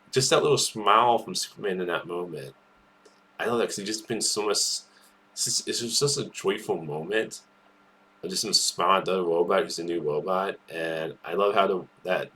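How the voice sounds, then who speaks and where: A man's voice: low voice, fairly bright tone. A man giving casual solo commentary as a movie news host, enthusiastic and rambling, with many restarts.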